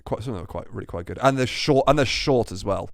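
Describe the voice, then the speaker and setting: A man's voice: medium pitch, quick pace, no echo, studio quality. A young man co-hosting a casual podcast chat, rambling with many restarts and casual swearing. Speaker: podcast co-host.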